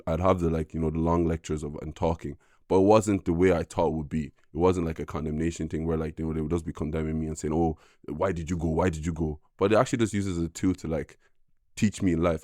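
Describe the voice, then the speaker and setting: Young guy on a podcast, really low voice, mellow, keeps saying like, earnest. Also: dry recording, studio quality. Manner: earnest, halting, full of fillers. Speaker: podcast guest. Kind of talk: casual personal testimony.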